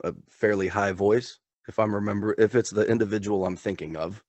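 A man's voice: lowish voice, steady tone, brisk, darkish tone, no echo, lo-fi sound. A man co-hosting a podcast, chatting casually in a rambling, laid-back way with small chuckles. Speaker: podcast co-host. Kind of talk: casual chat.

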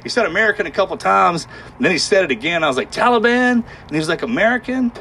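A man telling a harrowing war story in conversation, halting and emotional, with sighs and restarts. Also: fairly high pitch, gravelly, pushed and bright, slight background noise.

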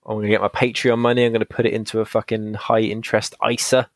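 A man's voice: fairly low pitch, little pitch movement, quick pace, dry recording. Guy hosting a podcast, swears a lot, dry close mic. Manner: swears casually, laughs often. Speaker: podcast host. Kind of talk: casual podcast chat, reading a gamebook.

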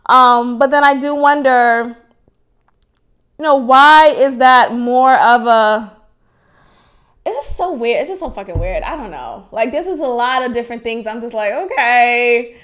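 Young woman podcaster from haiti, high voice, blunt and chatty, laughs a lot, swears casually. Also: a little slow. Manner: frank and animated, laughs often, swears freely. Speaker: podcast host. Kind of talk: candid personal podcast monologue.

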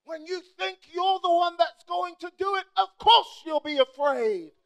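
High, gravelly-voiced fiery woman preacher. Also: measured pace. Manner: shouting, repetitive, sassy preaching to a congregation. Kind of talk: fiery sermon.

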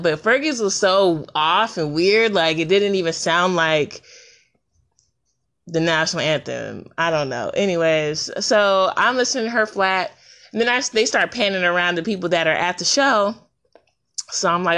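A woman talking casually into a recorder, telling a story in an animated, colloquial way and laughing often. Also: normal speed. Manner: animated storytelling, jumps high for reactions. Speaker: podcaster. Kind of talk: casual monologue. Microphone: handheld recorder.

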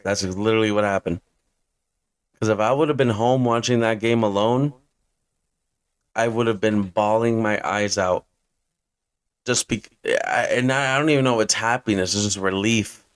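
A young man in his twenties hosts his own sports podcast and rants like a fired-up fan. His voice sits low and he takes his time with each line. He is blunt and swears now and then. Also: fairly even intonation, measured pace, pauses often, smooth. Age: 20s. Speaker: podcast host. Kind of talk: fantasy football podcast rant.

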